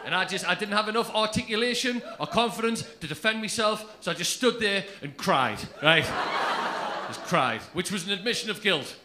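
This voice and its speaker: A man's voice: high voice, lively intonation, normal speed, heavy background noise. A man, telling a crude story in brash stand-up style on a comedy club stage. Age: 30s.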